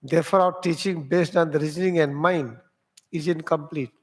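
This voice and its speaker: A man with an Indian accent, a meditation teacher whose first language is Hindi, teaching at an ashram in slow, deliberate, simple English. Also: a little high, steady tone. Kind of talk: spiritual teaching talk.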